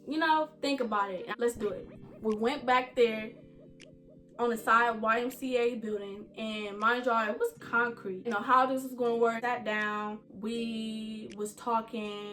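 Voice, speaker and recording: Young woman, high-pitched, casual storytime vlog, talks to viewers directly. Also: pushed and bright. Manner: chatty, addresses viewers as y'all and you guys. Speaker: vlogger.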